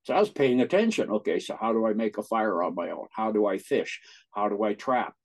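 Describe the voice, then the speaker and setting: A man, an interview guest, telling personal stories in casual talk, with a husky voice and frequent laughs. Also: fairly low pitch, animated, brisk, poor audio. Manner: laughs often while recounting.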